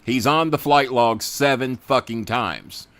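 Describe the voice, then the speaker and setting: Middle-aged male host, bright forceful voice, dry close sound, profane ranting. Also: mid-range voice, unhurried, no echo. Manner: angry, profane, loud, talks to chat viewers. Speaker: podcast host. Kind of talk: profane political rant and casual chat.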